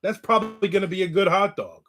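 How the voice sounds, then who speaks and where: A man's voice: sits high, quick pace, fairly bright tone. Rambling, blunt middle-aged man. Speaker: livestream host. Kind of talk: casual chat reading viewer comments.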